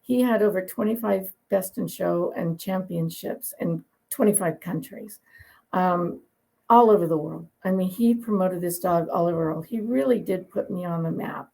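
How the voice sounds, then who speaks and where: A woman's voice: fairly low pitch, normal speed, creaky, mellow, low-quality recording. A woman dog breeder being interviewed, telling long, opinionated stories in a chatty way and laughing now and then. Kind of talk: conversational interview storytelling.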